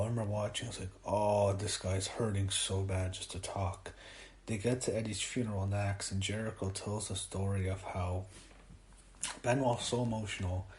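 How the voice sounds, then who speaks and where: A young man giving a casual spoken review, halting and full of fillers and restarts, audibly moved by what he describes. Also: on the low side, darkish tone, a little hiss or hum.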